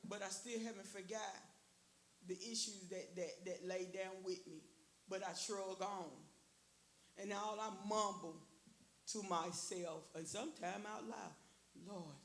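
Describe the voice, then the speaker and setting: A woman giving an earnest personal testimony in church, repeating phrases and quoting her own prayers. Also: medium pitch. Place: church sanctuary. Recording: echoey church with faint hiss.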